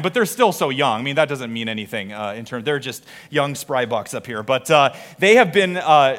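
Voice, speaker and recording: A man preaching as a pastor in a church service, earnest and animated, with repeated phrases. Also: on the high side. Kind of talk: sermon. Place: church auditorium.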